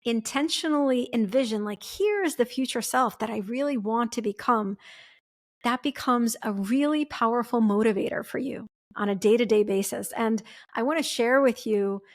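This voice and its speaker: Earnest, reflective woman in her 40s, slightly high pitch, solo podcast storytelling. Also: moderate pace. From former Soviet Union. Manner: earnest and reflective, with frequent "right?" and "like". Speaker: podcast host. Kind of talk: personal storytelling monologue.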